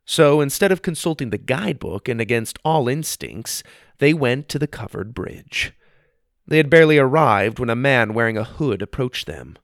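A man narrates a children's adventure story with expressive, lively delivery. His pitch moves up and down a great deal. The sound is dry and close to the mic. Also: normal speed, no room sound.

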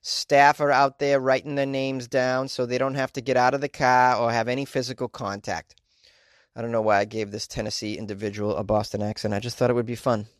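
A man's voice: mid-range voice, no echo. Chatty man on a dry close mic. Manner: chatty, joking asides, frequent fillers. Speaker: host reading and commenting on news. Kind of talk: casual news commentary.

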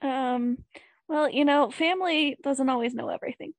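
Brief: woman, playful podcast co-host, laughs easily, slightly high voice, dry close mic. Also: moderate pace, dry recording. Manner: giggly, playful, joking. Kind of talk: casual chat.

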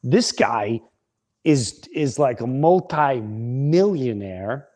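A man's voice: medium pitch, lively intonation, slow, a little mellow. A middle-aged man, a comedian hosting a podcast, telling a story in a casual, rambling way with frequent restarts.

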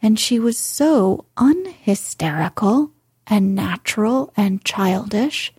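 Very slow, husky sleep-story woman. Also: medium pitch, animated, dry recording, clean studio sound. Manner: slow, soft and soothing, drifting into whispers. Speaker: podcast host and reader.

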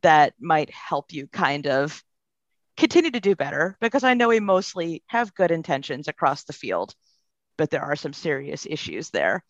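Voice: mid-range voice, sing-song, normal speed, no echo. A podcast guest answers in an earnest, reflective way, working through ideas as they speak. The sound is dull and lo-fi. The recording is dry, with no room around the voice. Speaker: guest, behavior analysis professional.

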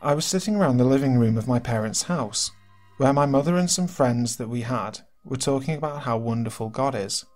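A man's voice: mid-range voice, a little mellow. Man narrating horror stories. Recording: faint music behind.

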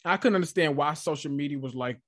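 A man chatting casually about reality TV as a podcast host, analytical and animated when quoting people. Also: on the high side, fast talker. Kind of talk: casual reality-TV recap chat.

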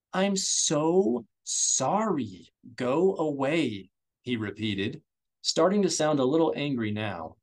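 A man narrating a science-fiction novella as an audiobook reader, in a steady, measured storytelling way. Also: mid-range voice. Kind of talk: scripted narration.

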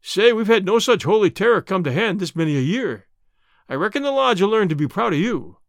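A man voicing a gruff, menacing middle-aged gang boss who questions bluntly in an audiobook reading. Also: high-pitched, animated, fairly quick, dry recording, studio quality, voice pushed up. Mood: blustering.

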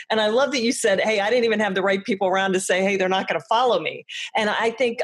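A woman's voice: medium pitch, husky. A woman hosting a podcast interview, enthusiastically reflecting on her guest's points. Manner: enthusiastic, affirming, quick to reflect back. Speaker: podcast host. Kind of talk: interview conversation.

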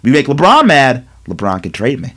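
A man voicing a defiant young male pro basketball player, speaking low and dismissively. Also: huge pitch swings, normal speed, a bit bright.

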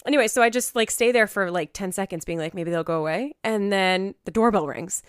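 A woman's voice: mid-range voice, fairly quick, a little hiss or hum. A woman co-hosting a podcast, chatting casually and telling a story with lots of acted-out quotes. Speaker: podcast co-host.

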